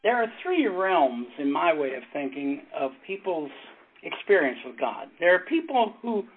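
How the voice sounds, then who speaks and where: Chuckling pastor on a tinny line. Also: male voice, on the high side, very animated. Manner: rambling storyteller, halting restarts, chuckles often. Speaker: pastor and former Navy chaplain. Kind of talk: informal Bible study teaching. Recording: tinny phone-like sound with faint noise.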